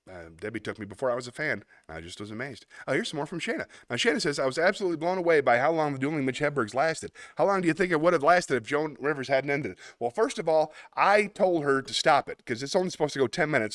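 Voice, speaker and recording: Male host, casual live-stream chat, rambling and upbeat, mid pitch, dry close sound. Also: dry recording. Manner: chatty, rambling, laughs often, animated bursts.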